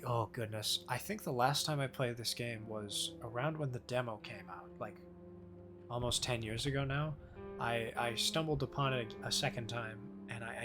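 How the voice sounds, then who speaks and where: A man's voice: mid-range voice, vocal fry. A man casually chatting with viewers while he plays a game on a live stream, rambling and poking fun at himself. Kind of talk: casual live gameplay commentary.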